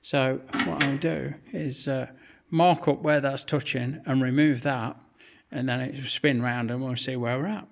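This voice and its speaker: Chatty sweary man, slightly hoarse. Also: medium pitch, fairly even intonation, measured pace. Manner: chatty and sweary, self-mocking asides. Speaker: workshop fabricator. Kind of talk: casual workshop commentary. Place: workshop, at a lathe.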